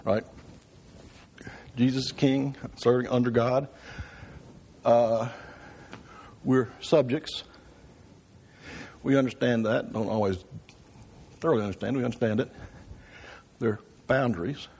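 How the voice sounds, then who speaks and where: A man's voice: mid-range voice, fairly even intonation, unhurried, pauses often, a little mellow, husky. A man teaching an informal church Bible class, often asking the room questions and checking in with "right?". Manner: conversational, asks the class questions with frequent "right?".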